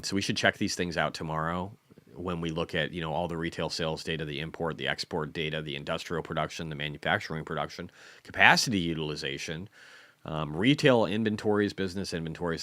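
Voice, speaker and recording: Man, 40s, very low voice, dry close sound, rambling market stream chat, repeats himself. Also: sharp tone, no room sound. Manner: rambling, repeats words, self-deprecating. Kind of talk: casual livestream market commentary.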